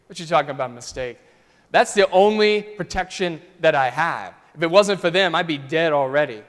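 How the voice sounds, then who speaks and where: A man's voice: fairly high pitch, expressive, moderate pace, natural voice. A man voicing a troubled, defiant homeless teenage boy who talks bluntly and defensively, in a sermon story. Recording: long church reverb.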